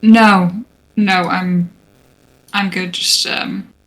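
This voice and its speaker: Woman player in a tabletop game, flat slow delivery, quiet and halting. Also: fairly low pitch, poor audio. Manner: quiet, hesitant, trailing off. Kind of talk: tabletop role-play in character.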